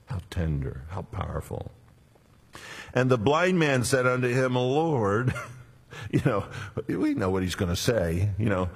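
Man, preacher, husky low voice, dramatic storytelling sermon, long hall echo. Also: sing-song, takes it slowly. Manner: dramatic storytelling, drops to hushed tones for scripture. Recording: long reverb of a large hall.

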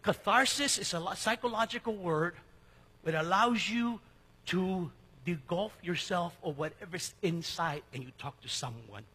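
A male pastor delivering a lively sermon in a church, joking and quizzing his congregation. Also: high-pitched, unhurried, husky. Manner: lively, jokey preaching that asks the congregation questions.

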